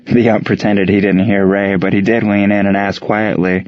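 Low-voiced man narrating a story. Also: steady tone, moderate pace, no room sound, dull audio. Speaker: audiobook narrator. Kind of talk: scripted narration.

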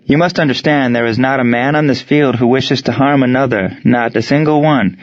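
A man voicing a proud German prisoner of war who speaks in stiff, formal, measured phrases. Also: mid-range voice, no echo, voice pushed up, natural voice. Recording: dry, dull lo-fi sound.

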